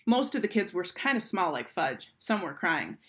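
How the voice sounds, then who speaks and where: A woman teacher reading a children's book aloud in a clear, expressive storytelling voice. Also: lowish voice, normal speed.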